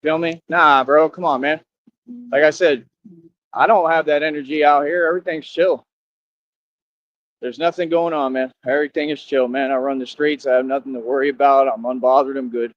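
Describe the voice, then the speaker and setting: A young man boasts and taunts his critics in a slang-heavy monologue to the camera. His voice sits a little high. The sound is dull and lo-fi. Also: fairly even intonation, normal speed. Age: young adult. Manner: boastful and confrontational, full of slang. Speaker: vlogger.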